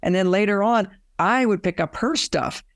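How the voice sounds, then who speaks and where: Man, relationship advice, storytelling, gravelly, slightly high voice. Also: normal speed, a bit bright, no room sound, clean studio sound. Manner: acts out quoted dialogue; chuckles while telling stories. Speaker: relationship author, guest. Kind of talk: anecdotal advice talk.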